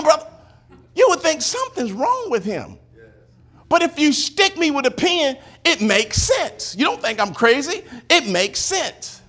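A male preacher giving an animated sermon, leading the congregation to repeat after him and shouting at the high points. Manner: animated, call-and-response preaching, shouting at peaks.

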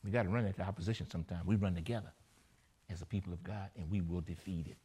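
A man's voice: deep voice, fairly even intonation, racing, dark tone, husky. A man preaching a sermon, repeating phrases and checking in with his listeners. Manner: emphatic, repeats phrases and asks the listeners "right?".

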